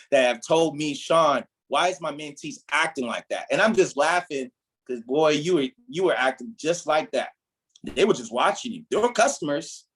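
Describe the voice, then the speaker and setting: A man's voice: mid-range voice, poor audio. A man leading a motivational training talk for his team as their mentor, emphatic and preachy, often checking in with "right?". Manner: emphatic, repeats "right?", preachy build-ups.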